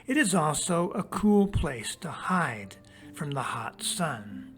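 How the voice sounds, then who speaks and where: A teacher reads a storybook passage aloud, then guides young listeners step by step through a worksheet, speaking directly to them slowly and deliberately and spelling out each step. The voice is medium-pitched, sing-song, and fairly bright, with faint music in the background.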